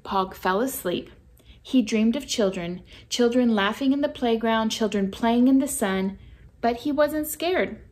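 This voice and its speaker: Woman storyteller for a church kids' show, expressive picture-book read-aloud. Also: a little high, a little slow. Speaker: children's ministry reader.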